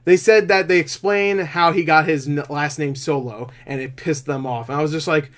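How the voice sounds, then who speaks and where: Male movie reviewer with a slightly high voice, rambly, excitable, swears casually. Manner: excitable, quick shifts in loudness and pitch. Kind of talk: casual spoiler review talk.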